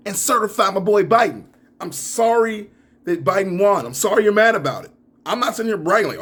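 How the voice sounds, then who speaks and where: A young man with a slightly husky voice talks straight to camera in a reaction video. He rants with lively swings in pitch, breaks into laughs, and then drops low into muttered asides. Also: fairly quick. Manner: animated, laughing, ranting, drops into mumbles. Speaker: YouTuber.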